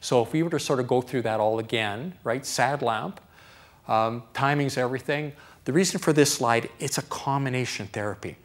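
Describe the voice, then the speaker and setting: A middle-aged man, a doctor, giving a live health lecture to an audience in a chatty, animated way, often checking in with "right?". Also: medium pitch, moderate pace. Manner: animated, conversational, keeps asking "right?", acts out his own thoughts.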